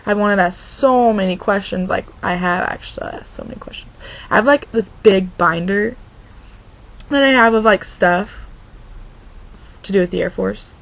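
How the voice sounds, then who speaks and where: A young woman from Oregon telling a story in a casual vlog, her voice sitting on a steady vocal fry. She rambles, fills nearly every phrase with "like," and often stops to restart her sentences. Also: medium pitch, moderate pace, long pauses, poor audio. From Oregon, USA. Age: young adult. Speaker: vlogger.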